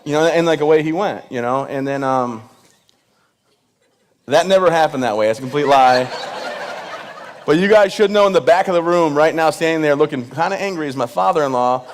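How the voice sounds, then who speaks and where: This stand-up storyteller, a veteran from Michigan, has a slightly high voice and speaks fairly quickly, but leaves long pauses. He talks straight to the audience, joking and poking fun at himself.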